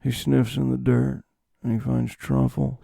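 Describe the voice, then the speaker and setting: A man doing a comic impression of a quiet, understated man searching for his pig, mumbling flatly. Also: medium pitch, measured pace, creaky, no echo. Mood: deadpan.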